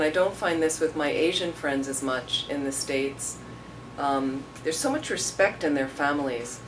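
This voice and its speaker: A woman teacher answering questions from her audience, rambling into stories and acting out what people said. Her voice sits a little low. She is heard from a distance over clear background noise. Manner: rambling, storytelling, acts out quotes. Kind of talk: casual dharma talk. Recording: distant mic, noisy room.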